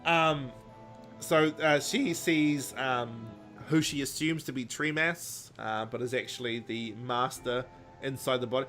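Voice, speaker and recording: Bright-voiced man rambling through a recap. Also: medium pitch, a little slow, faint music behind. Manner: rambling, lots of ums, jokey retelling. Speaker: podcast co-host. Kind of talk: casual plot recap.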